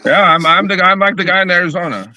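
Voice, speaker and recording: A man's voice: sits high, rapid-fire, heavy background noise. A man talking on a live podcast, heated and profane, acting out his phone calls with rideshare company staff. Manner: profane, animated storytelling, acts out phone calls. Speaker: rideshare driver advocate, guest. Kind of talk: heated casual podcast talk.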